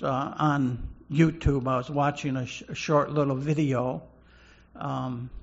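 Slow gravelly-voiced male preacher. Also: fairly high pitch, muffled recording. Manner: slow, halting, repeats words while preaching. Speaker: pastor. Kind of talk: sermon.

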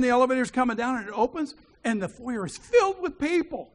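A man preaching a sermon, telling a story and acting out the voices in it, dropping to a hushed voice when he quotes a prayer. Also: extremely high pitch, fast, few pauses. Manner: animated storyteller who acts out the dialogue.

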